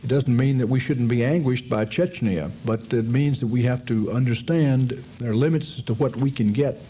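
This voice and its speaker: Man giving a measured policy lecture. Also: mid-range voice, warm tone, husky, poor audio. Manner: measured, explanatory, with frequent uh fillers. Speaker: foreign policy speaker. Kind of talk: public lecture.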